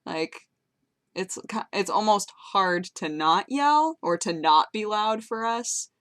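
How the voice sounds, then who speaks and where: A woman's voice: mid-range voice, lively intonation, takes it slowly, fairly bright tone, no room sound. A young woman vlogging to her viewers in a bubbly, rambling way, giggling as she tells a story. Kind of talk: casual chat to camera.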